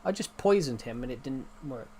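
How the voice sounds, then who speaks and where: A young gaming livestreamer has a medium-pitched, mellow voice, speaking briskly and animatedly with a little hiss or hum in the recording. He rambles through his commentary, addressing himself and chat as he plays.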